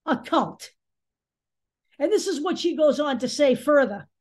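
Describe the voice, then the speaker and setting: A woman with a high voice delivers a political commentary monologue. She sounds angry and sarcastic, and she speaks bluntly and sometimes swears. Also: lively intonation, measured pace, a little mellow.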